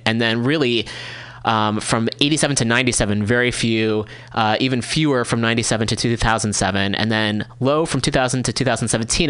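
A man hosting a small radio show reads a news article out loud, one passage after another. Between passages he stops to add blunt, offhand comments in a casual way. His voice sits at an ordinary middle pitch. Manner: casual, candid asides between read passages. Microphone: studio microphone, no camera.

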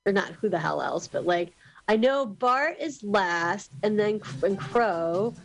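A woman's voice: medium pitch, animated, a little slow, low-quality recording. A woman hosting a casual radio show, chatting loosely and swearing freely. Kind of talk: casual chat.

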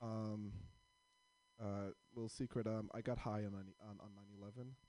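A man's voice: fairly low pitch, steady tone, normal speed, dark tone. A man doing stand-up comedy with crowd work, rambling and self-deprecating as he stops and starts over his fillers.

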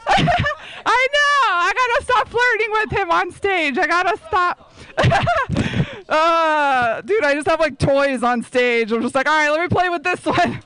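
A woman's voice: very high voice, lively intonation, slow pace, pushed and bright, rough recording. A woman doing a stand-up comedy set, chatty, laughing often and talking straight to the crowd.

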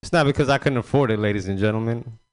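Man, stand-up comic, resonant clear voice, rambling with fillers, club stage mic. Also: medium pitch, very fast. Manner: loose, rambling delivery with frequent fillers. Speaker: stand-up comedian. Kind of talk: stand-up set at an open mic.

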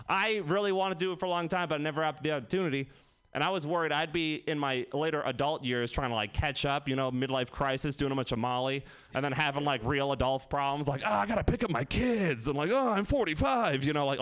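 Give me a man in his twenties doing a rambling stand-up set with a smooth, slightly high voice. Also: a bit bright. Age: 20s. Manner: rambling, laughs at own jokes. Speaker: stand-up comic.

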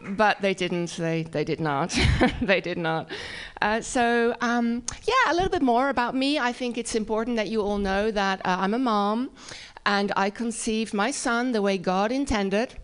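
A woman's voice: medium pitch, normal speed, clear, resonant tone. A woman in her fifties from the Netherlands with a Dutch accent, performing a dry, self-deprecating stand-up set at a live comedy venue.

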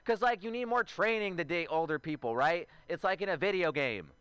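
A man's voice: sits high, expressive, a little fast, fairly bright tone, clean tone, no room sound. A man in his twenties performing a stand-up comedy set, chatty and self-mocking, riffing with asides to the crowd. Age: 20s. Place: outdoor show.

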